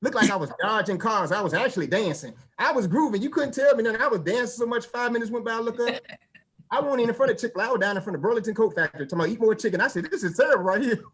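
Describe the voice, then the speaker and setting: Male stand-up comic, high voice, animated storytelling, vernacular delivery. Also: racing, slightly rough. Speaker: stand-up comedian. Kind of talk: stand-up comedy set.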